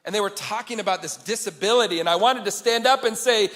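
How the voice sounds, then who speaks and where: A man giving a motivational conference keynote, telling a personal story in an earnest way that swings from quiet to emphatic. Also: high-pitched, fairly quick, hardly any pauses. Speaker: conference speaker. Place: large conference hall. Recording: long hall reverb.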